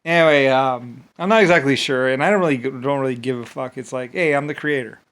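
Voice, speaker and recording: A man's voice: mid-range voice, fairly quick, a bit bright. A man telling a rambling story in a casual, profane way, full of fillers and laughter. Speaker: channel host.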